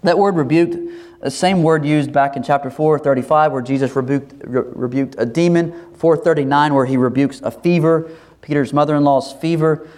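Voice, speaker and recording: A pastor preaching a sermon in a lively, animated way, acting out voices as he tells the story. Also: on the high side, normal speed. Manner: animated, acts out quoted voices, laughs.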